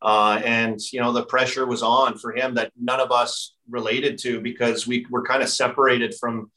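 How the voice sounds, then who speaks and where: Man, podcast guest, rambling anecdotes, lots of fillers, bright voice, heard from off-mic. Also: medium pitch, little pitch movement, moderate pace, distant mic, rough recording. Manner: rambling, heavy use of filler "like". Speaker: podcast guest, former hockey player. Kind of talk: casual storytelling chat.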